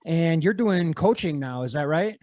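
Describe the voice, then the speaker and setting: A man's voice: fairly high pitch, lively intonation, moderate pace, warm tone, dry recording. A man in his forties hosting an interview, asking short, encouraging questions. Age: 40s. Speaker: podcast host. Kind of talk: casual interview conversation.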